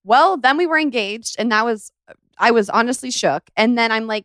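Chatty gushing woman on a podcast, smooth voice, dry close mic. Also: fairly high pitch, animated, moderate pace, a bit bright, dry recording. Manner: bubbly, gushing storyteller. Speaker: podcast host. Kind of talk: casual chat.

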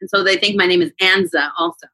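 A woman in her forties chatting candidly as a podcast guest, laughing often and sounding relaxed. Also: fairly low pitch, quick pace, no echo, low-quality recording. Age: 40s. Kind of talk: casual interview chat.

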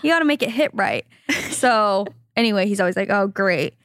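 A woman's voice: mid-range voice, animated, fairly quick, creaky, fairly bright tone, no echo, studio quality. Chatty woman podcaster who mimics people. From Southern California. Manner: chatty, exaggerates stories and mimics her partner's voice. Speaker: podcast co-host. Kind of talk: casual chat.

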